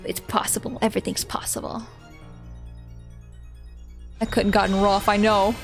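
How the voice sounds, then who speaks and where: A young woman streaming a video game live, reacting out loud with giggles and emotional comments. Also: medium pitch, little pitch movement, moderate pace, creaky. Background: faint game music.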